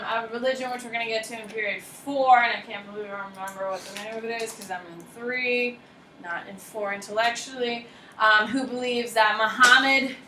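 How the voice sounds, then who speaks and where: A woman's voice: a little high, roomy sound, background noise. A woman teaching a lecture class, chatty and self-deprecating, often asking the class questions.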